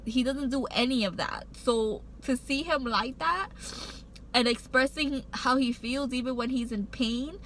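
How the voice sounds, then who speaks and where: A woman's voice: high-pitched, measured pace, fairly bright tone, slight background noise, poor audio. A woman vlogger telling a heartfelt personal story, rambling with many fillers and restarts, emotional and choked up at times. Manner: emotional, getting choked up while recounting.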